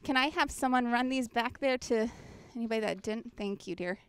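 A woman's voice: a little high, brisk, fairly bright tone, smooth. A woman presenting a children's ministry workshop, chatty and engaging, often checking in with her audience on a handheld mic. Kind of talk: workshop teaching. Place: conference workshop room.

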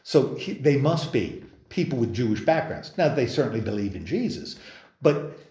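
Teacher, male, mid-pitched, casual Bible class lead, roomy echo. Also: sing-song, moderate pace, warm tone. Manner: conversational, many restarts, asks the group questions. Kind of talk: informal Bible study class. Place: church meeting room.

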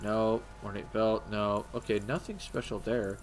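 A man's voice: on the low side, fairly even intonation, unhurried, a little hiss or hum. A man casually commenting on his gameplay during a live stream, talking to himself and swearing now and then. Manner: casual, talks to himself, swears, hums along. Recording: loud game music under voice.

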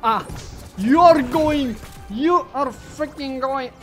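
A man commentating his own gameplay who swears often, taunts his opponents and bursts into yelling. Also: very high-pitched, drawn-out words, soft background music. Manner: bursts into loud yelling when winning or losing. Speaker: gaming YouTuber.

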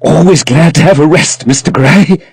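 A man's voice: mid-range voice, big pitch swings, moderate pace, darkish tone, slightly rough, dry recording, voice pushed up. A man voicing an obsequious middle-aged male frame-maker in an audiobook, eager to please and short of breath. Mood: servile.

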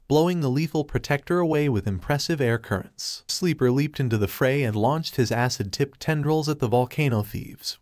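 A man narrating a fanfiction story in steady, scripted reading. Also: mid-range voice, no echo, studio quality.

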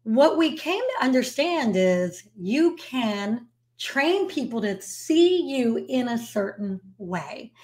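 A woman who manages an artist's business and writes about it, telling a story and giving advice to camera in a lively, emphatic way. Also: a little high, slow pace. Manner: animated storyteller, emphatic repetition.

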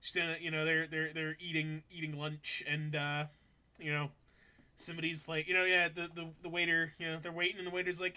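A man jokes through an anime episode with a friend, reading subtitles in mock voices. His voice sits a little high and sounds very bright and cutting. He is sarcastic and swears freely. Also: little pitch movement, brisk. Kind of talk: casual riffing over an anime, doing voices.

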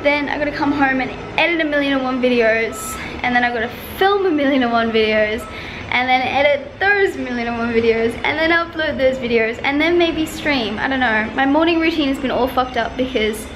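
A woman's voice: high voice, noisy background. A young woman chatting casually in a vlog, rambling and swearing offhandedly, sounding tired. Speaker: vlogger.

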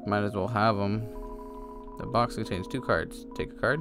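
A man giving excitable, jokey, swearing commentary while playing a video game. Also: lowish voice, moderate pace. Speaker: let's play gamer. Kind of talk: casual gameplay commentary. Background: game music.

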